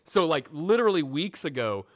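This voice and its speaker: A man's voice: a little high, very animated, normal speed, no echo, clean studio sound. A man co-hosting a podcast in casual, rambling chat, joking and laughing often. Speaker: podcast co-host and editor.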